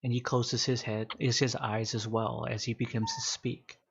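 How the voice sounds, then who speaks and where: A man with a gravelly, mid-range voice runs a tabletop game, narrating informally with fillers and slowing for calm passages. The audio is dull, with slight background noise.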